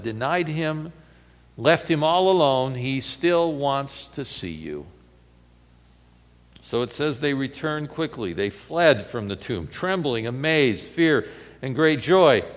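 A man preaching a sermon, retelling a story with lively swings between loud emphasis and hushed lines. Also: medium pitch, big-room sound.

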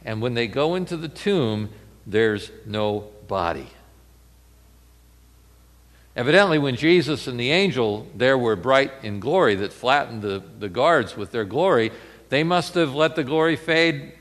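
A man preaching a sermon, retelling a story with lively swings between loud emphasis and hushed lines. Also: medium pitch, unhurried, long reverb tail.

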